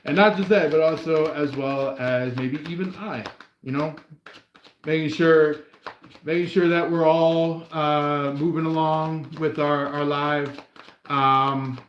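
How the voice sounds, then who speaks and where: A man's voice: on the high side, steady tone, slow, reverberant, slight background noise. A man hosting a live tarot reading stream, talking in a meandering way, full of fillers and restarts. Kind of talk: rambling live-stream chat.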